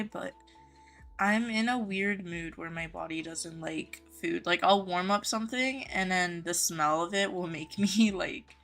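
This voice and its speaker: Bright-voiced young woman streamer chatting. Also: mid-range voice. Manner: friendly, greets chatters by name, chatty. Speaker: game streamer. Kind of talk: casual live-stream chat reading viewer comments. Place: home office.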